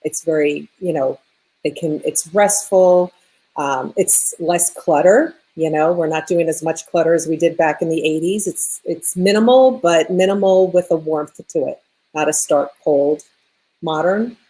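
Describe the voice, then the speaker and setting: A woman's voice: low-pitched, measured pace, slightly rough. A woman with a New York accent, an interior designer talking casually as a radio guest and thinking aloud as she goes. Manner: relaxed, thinking aloud with fillers.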